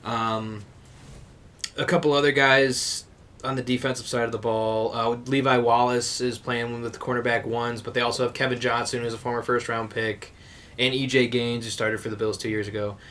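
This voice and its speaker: Young male co-host, loose and animated, mic set a bit back. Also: medium pitch, moderate pace, distant mic. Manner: animated storyteller, laughing, swears casually. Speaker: podcast co-host. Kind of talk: casual chat.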